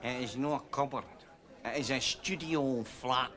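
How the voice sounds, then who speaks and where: A man's voice: medium pitch, unhurried, bright, forceful tone. A man with a Glaswegian accent playing a boastful, drawling sitcom character. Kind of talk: sitcom acting.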